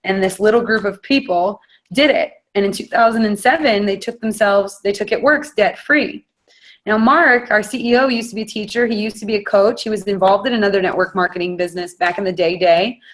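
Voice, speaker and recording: A woman's voice: mid-range voice, a little fast. Blunt, fired-up woman coaching on a call. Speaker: network marketing leader. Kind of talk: motivational talk on a video call. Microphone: video call.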